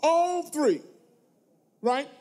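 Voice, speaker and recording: Pastor, male, high voice, sermon delivery with call-and-response, loud emphatic bursts between low asides. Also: animated, drawn-out words. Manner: preachy, call-and-response with the congregation.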